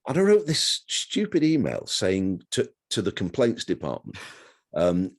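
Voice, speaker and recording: Chatty low-voiced man in his sixties. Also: measured pace. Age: 60s. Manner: chatty, animated anecdotes, self-deprecating. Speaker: guest. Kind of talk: casual storytelling interview.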